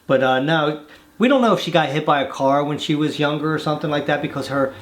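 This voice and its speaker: A man's voice: on the high side, quick pace. A man hosting his own channel, reading viewer letters aloud and chatting casually between them with rambling, easygoing asides. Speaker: channel host reading fan mail.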